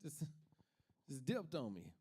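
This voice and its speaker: A man's voice: medium pitch, wildly swooping pitch, slow pace, mellow, breathy edge. Man from Kentucky telling stand-up stories. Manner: laid-back storytelling, laughs at his own jokes. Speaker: stand-up comic. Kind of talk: stand-up comedy.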